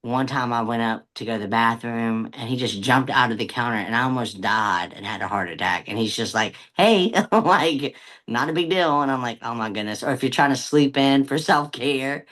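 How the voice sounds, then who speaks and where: A woman co-hosting a podcast in casual chat, an animated storyteller who acts out little voices for her pets. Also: a bass voice, brisk, hardly any pauses. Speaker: podcast co-host.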